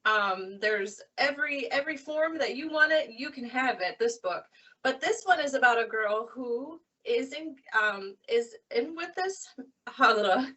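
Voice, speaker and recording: A woman librarian chatting casually about books, retelling stories in an animated way. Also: a little high, recorded from a distance. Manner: animated retelling, acts out characters' lines. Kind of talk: casual book recommendation chat.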